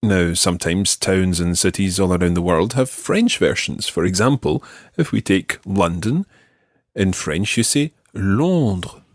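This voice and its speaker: Scottish guy teaching a lesson, lively up-and-down voice, bit husky, dry close sound. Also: sits low, dry recording. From Scotland. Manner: patient, models phrases slowly for repetition. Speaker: language teacher. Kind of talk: slow, clear language lesson.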